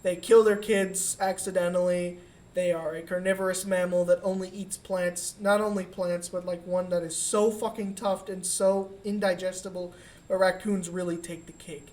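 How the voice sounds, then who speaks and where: A woman co-hosting a podcast, telling a comic story in a casual, profane and animated way. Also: fairly low pitch, moderate pace. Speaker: podcast co-host.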